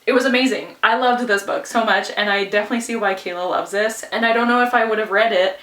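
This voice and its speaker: A woman's voice: mid-range voice, fairly even intonation, fast talker, a bit bright, far from the mic. Giggly chatty woman in a roomy echo. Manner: chatty, giggly, lots of "like" and "anyways". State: out of breath. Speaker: book vlogger. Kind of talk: casual reading vlog.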